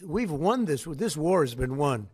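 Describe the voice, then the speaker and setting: A man's voice: a little high, sing-song, a little slow, a little mellow, breathy edge. An older American man giving off-the-cuff press remarks, boastful and rambling, repeating his phrases as he answers reporters. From United States. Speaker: head of state taking press questions.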